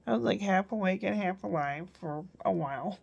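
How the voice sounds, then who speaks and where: Older woman vlogger with a very gravelly voice who rambles through homey stories at a mid pitch. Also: normal speed, darkish tone, dull audio. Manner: chatty, meandering storytelling with fillers. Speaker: grandmother vlogger. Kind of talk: casual rambling daily recap.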